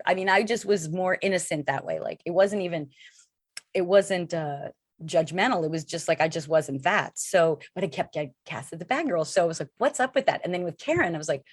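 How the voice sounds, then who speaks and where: Middle-aged woman, interview guest; lowish voice, dry close sound, chatty and rambling. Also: moderate pace, no room sound. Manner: chatty, rambling with many fillers. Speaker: actress guest. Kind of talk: casual interview chat.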